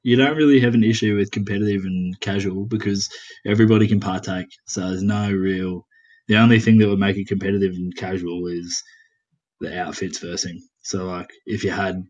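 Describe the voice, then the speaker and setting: A man's voice: low voice, fairly even intonation, a little fast, a little mellow, muffled recording. A man from Portugal talking casually as a guest on a gaming stream over a voice call, rambling with slang and the odd swear. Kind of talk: casual voice chat.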